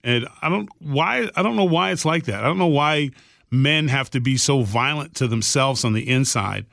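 A man's voice: mid-range voice, lively intonation, moderate pace, vocal fry, fairly bright tone, dry recording, clean studio sound. A man co-hosting a podcast, telling a story earnestly in casual chat and voicing the people in it. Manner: earnest storytelling with voiced quotes. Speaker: podcast co-host.

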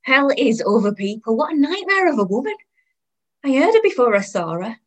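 A woman's voice: high-pitched, very animated, brisk. A woman in her thirties narrating her own story in the first person, in a wry, weary tone. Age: 30s.

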